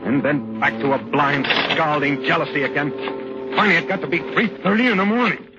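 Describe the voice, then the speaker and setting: A man's voice: on the high side, fairly quick, close to an everyday voice. An actor playing a jealous, anguished young husband narrating his story in 1940s radio drama style, in a dull vintage radio recording with music. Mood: brooding. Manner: tense, brooding, confessional narration.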